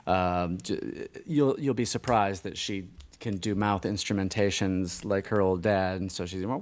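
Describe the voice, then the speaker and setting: A man's voice: deep voice, a little slow, hardly any pauses. A man in his forties co-hosting a podcast, chatting casually in a rambling, self-deprecating way with many restarts. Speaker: podcast co-host. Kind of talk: casual chat.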